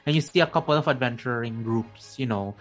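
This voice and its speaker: Male game master, casual halting narration, mid-pitched, loose and rambling. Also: soft background music. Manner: rambling, halting, many fillers.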